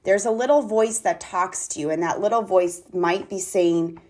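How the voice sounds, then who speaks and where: Calm, deliberate woman guiding gratitude practice. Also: fairly low pitch. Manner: calm and deliberate, spells key words out letter by letter. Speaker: artist and practice guide. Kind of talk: guided reflective talk on gratitude.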